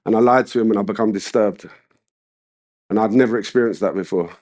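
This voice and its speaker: A man's voice: on the low side, fairly quick, darkish tone. A man with a British accent giving a personal recovery share as main speaker, chatting in casual slang with many asides. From United Kingdom.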